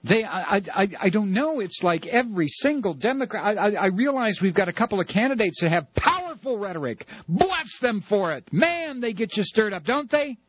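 A man's voice: high-pitched, big pitch swings, fairly quick, few pauses, husky, no room sound, dull audio. A man hosting a political talk radio show, ranting with stammered repeats.

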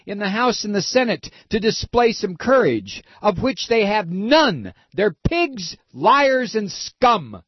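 Ranting, husky-voiced male radio host. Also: high voice, big pitch swings, takes it slowly, few pauses, no room sound, muffled recording. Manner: ranting, sarcastic, profane. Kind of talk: angry political talk radio.

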